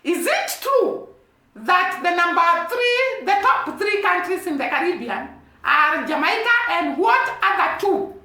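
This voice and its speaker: Woman, very high bright voice, lively, slow questioning, heavy echo.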